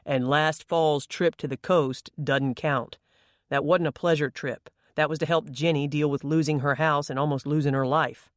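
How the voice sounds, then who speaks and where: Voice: medium pitch, fairly even intonation, moderate pace, no echo, studio quality, lightly acted. Adamant grown man, firm and plain, voiced by the narrator. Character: grown man, protective house restorer.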